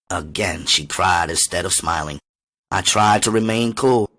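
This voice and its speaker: A man reading a novel aloud as an audiobook reader, with steady, measured storytelling. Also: deep voice.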